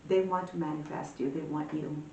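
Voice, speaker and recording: A woman giving a casual tarot reading, talking in a chatty, animated way with many fillers. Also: fairly quick, far from the mic. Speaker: tarot reader. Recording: echoey room, voice a bit off-mic, faint rumble.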